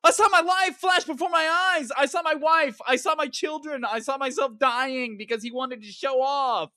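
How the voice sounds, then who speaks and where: A woman's voice: sits high, normal speed, bright, forceful tone, no room sound, studio quality. A woman voicing a long-suffering male game hero stuck in a cave, complaining melodramatically and sarcastically in a comedic diary monologue. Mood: exasperated.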